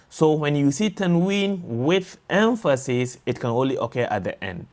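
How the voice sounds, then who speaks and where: A man teaching a recorded lesson, explaining slowly and patiently, repeating each sound and drilling examples. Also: medium pitch, lively intonation, darkish tone. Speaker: Quran tajwid teacher.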